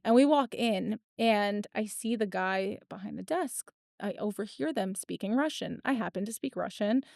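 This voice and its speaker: This podcast host, a woman in her thirties, has a medium-pitched, gravelly voice at a moderate pace. She tells a story in casual chat, animatedly acting out the people and their quotes, on a dry, studio-quality recording.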